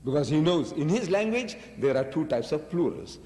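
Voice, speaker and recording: A man's voice: a little high, sing-song, moderate pace, darkish tone. Emphatic preacher man in echoing hall. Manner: emphatic, rhetorical, argumentative. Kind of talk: religious lecture to an audience.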